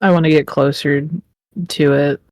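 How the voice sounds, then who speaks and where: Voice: mid-range voice, little pitch movement, normal speed, darkish tone, no room sound. A player in a tabletop game session, joking while describing their character's actions.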